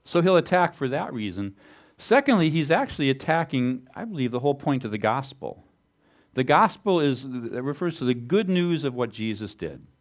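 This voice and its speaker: Animated preaching man, lively pitch. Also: moderate pace. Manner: animated preaching, rhetorical questions to the congregation. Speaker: pastor. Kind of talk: sermon.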